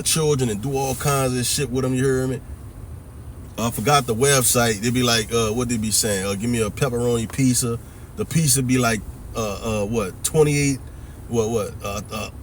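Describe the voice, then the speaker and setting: A man's voice: mid-range voice, slight background noise. A man giving a ranting, preachy commentary monologue that mixes in profanity and keeps asking whether the listener hears him. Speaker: religious commentary vlogger.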